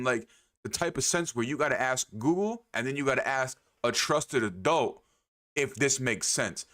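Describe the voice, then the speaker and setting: A man's voice: mid-range voice, fairly bright tone. A young adult man livestreaming, ranting casually to his chat in a profane, emphatic way, repeating phrases for effect. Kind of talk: casual rant to stream chat.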